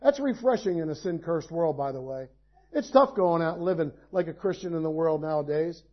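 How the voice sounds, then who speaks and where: Male pastor, high-pitched, homey sermon delivery, muffled recording. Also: expressive, a little fast. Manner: conversational preaching with folksy asides and rhetorical questions.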